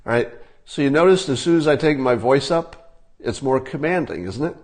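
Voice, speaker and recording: An older man talking casually, giving relaxed conversational advice and demonstrating tips as he goes. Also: medium pitch, moderate pace.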